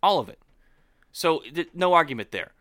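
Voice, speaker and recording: Animated ranting man, bright voice. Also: fairly high pitch, moderate pace, no echo, clean studio sound. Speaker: podcast co-host. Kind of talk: casual political chat.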